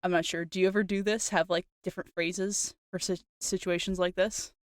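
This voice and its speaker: A woman's voice: fairly low pitch, flat delivery, a little fast, no echo, studio quality. A woman podcast co-host chatting casually, filling her speech with "like" and asking playful questions. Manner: chatty, full of "like" fillers. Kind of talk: casual chat.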